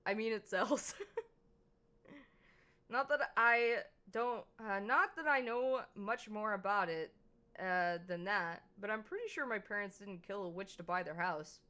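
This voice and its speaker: Bright-voiced woman streamer chatting casually. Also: mid-range voice, lively intonation. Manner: chatty, rambling, quick asides with laughter. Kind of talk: casual gameplay commentary.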